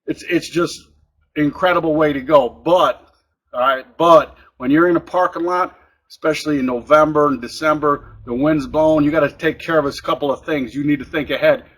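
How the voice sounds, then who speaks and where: A man with a slightly high-pitched voice delivers a comedic tips monologue as a cooking show host. He talks in a folksy, pumped-up way and keeps checking in with the listener. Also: normal speed, a bit bright, low-quality recording. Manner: folksy and pumped, keeps tacking on "all right?".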